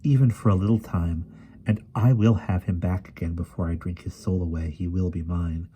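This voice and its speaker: A cruel, ancient witch queen who drawls her words slowly and possessively, as a man reading the story puts her on. The delivery is languid and silky over a dark, mellow voice. It suits a read-aloud fantasy storybook. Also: deep voice, steady tone, a little hiss or hum, close to an everyday voice. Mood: menacing. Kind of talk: audiobook character reading.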